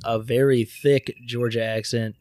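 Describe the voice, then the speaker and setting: A young man tells a story in casual chat, cursing freely and breaking into loud laughter. His voice sits at a middle pitch. It sounds close and dry, with no room around it. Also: a little slow, no room sound, faint music behind. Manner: profane, laughs loudly, animated storyteller.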